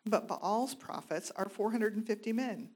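A woman reading scripture aloud in a steady, measured way during a Bible study. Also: medium pitch, slightly rough. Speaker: scripture reader.

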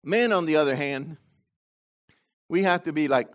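A man preaching a sermon as pastor, swinging between loud high emphasis and low quiet asides. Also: normal speed.

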